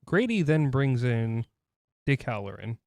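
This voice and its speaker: A man's voice: medium pitch, very animated, a little slow, darkish tone, no echo. A man co-hosting a podcast who chats playfully about a film, asking questions and cracking jokes. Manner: chatty, playful jokes, often asks questions. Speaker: podcast co-host. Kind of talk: casual film discussion.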